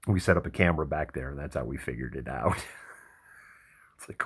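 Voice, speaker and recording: A man hosting a livestream, telling rambling stories in a relaxed chat with frequent chuckles. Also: very deep voice, brisk, long pauses, husky. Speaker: livestream host. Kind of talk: casual chat.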